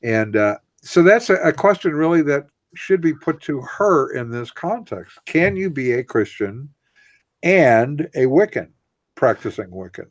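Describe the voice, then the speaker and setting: A man's voice: on the high side, big pitch swings, measured pace, no echo. Earnest man explaining at length. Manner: earnest, explains with long winding sentences. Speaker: co-host. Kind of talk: casual radio discussion.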